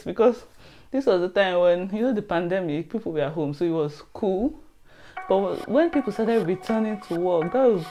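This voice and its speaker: A young woman talks to her viewers in a storytime vlog, honest and emotional as she confides in them. Her voice sits slightly low for a woman. Clear music plays behind her the whole time. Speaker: vlogger.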